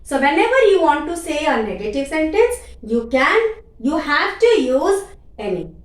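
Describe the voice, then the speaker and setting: A woman's voice: high voice, very animated, moderate pace, far from the mic. A woman teaching a grammar lesson, repeating key words and checking in with "okay?" as she explains. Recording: echoey room, voice off-mic.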